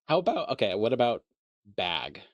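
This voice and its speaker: Low-voiced man co-player, animated pitch, dry close mic, playful chat. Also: dry recording, muffled recording. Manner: relaxed, playful, laughs loudly. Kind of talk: casual chat while gaming.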